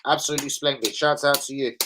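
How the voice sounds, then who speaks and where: On a very noisy football fan live stream, a man with a medium-pitched voice talks at a quick pace with fairly even intonation. He reads the chat in a casual rant, peppered with heavy swearing and slangy banter.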